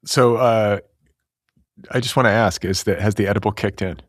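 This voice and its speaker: Casting note: male podcast host, very low voice, deadpan teasing, dry close-mic sound. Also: normal speed, dry recording. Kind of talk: casual podcast banter.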